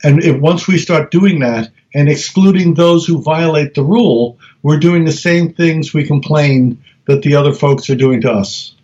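A man researcher telling stories in a casual interview, talking in halting bursts with many restarts and acting out the voices of others. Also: a little high, a little mellow. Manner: halting, with frequent restarts and acted-out quotes. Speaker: researcher and guest. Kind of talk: casual conversational storytelling. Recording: dull lo-fi recording.

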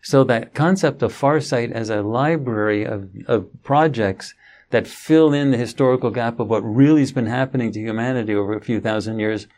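A man's voice: mid-range voice, moderate pace, a little mellow. Rambling middle-aged man telling a story. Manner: rambling, with frequent restarts. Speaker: interview guest. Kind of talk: conversational storytelling.

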